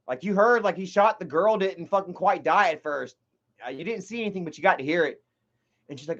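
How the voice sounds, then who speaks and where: A man's voice: fairly high pitch, animated, normal speed, lo-fi sound. A man streaming and retelling a story in a heated way, with lots of swearing and repetition. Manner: heated, swears a lot, repeats himself. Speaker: livestreamer. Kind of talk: rambling profane storytelling commentary.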